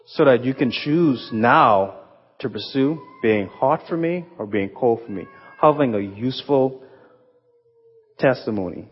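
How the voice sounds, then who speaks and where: Male pastor, husky, earnest sermon delivery; muffled recording. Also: medium pitch, animated, a little slow. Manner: earnest, emphatic scripture reading with conversational asides. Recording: echoey hall, muffled sound.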